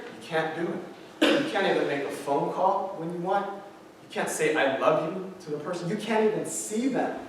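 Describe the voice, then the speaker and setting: A man in his thirties speaks earnestly to a room of students, with his voice in a middle register. He pauses for effect and lets his voice drop low and quiet. The recording comes from a distant mic in a very echoey hall, with faint hiss underneath. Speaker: motivational speaker. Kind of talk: personal story told to high school students. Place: large school hall.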